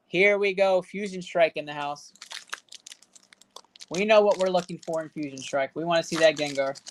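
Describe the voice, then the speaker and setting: A woman hosting a live stream, casually chatting with viewers and rattling off running number totals as she opens packs. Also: fairly low pitch. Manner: rattles off running card value totals aloud; cheers and banters with chat viewers. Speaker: livestream host opening card packs.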